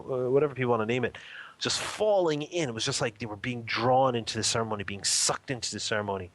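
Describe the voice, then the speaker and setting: A male spiritual teacher tells a personal story during a radio interview, his medium-pitched voice fairly bright and free of room sound. He is earnest and vivid, often rephrasing as he describes what he saw.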